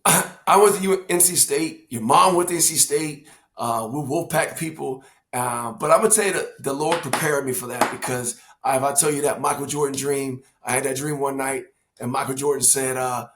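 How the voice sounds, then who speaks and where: A man, telling family stories on a podcast and acting out quotes. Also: mid-range voice. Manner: animated storyteller, acts out quotes. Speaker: father of the hosts, former coach. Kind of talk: casual family podcast storytelling.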